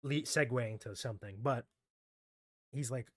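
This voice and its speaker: A man's voice: mid-range voice, measured pace, long pauses, a bit bright, no echo, clean studio sound. A man talking casually as he recaps an anime episode in a rambling way, often tagging "right?" onto his sentences. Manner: rambling, keeps adding "right?" and restarts. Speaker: anime commentary host.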